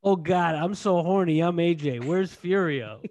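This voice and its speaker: Whiny teen boy from a man, pitched up. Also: measured pace, a little mellow, dry recording. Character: horny teenage boy, whiny.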